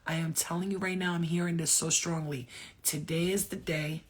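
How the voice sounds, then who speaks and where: A woman in her fifties, a spiritual medium, speaking earnestly to viewers in halting, repetitive phrases. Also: low-pitched, steady tone, breathy edge. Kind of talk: channeled message to viewers.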